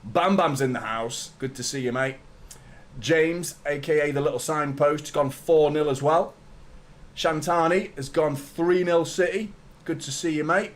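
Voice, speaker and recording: Male fan host, young adult, chatty, casual, higher than usual voice. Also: measured pace. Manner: chatty, greets viewers by name, swears casually. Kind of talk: live football watchalong chat.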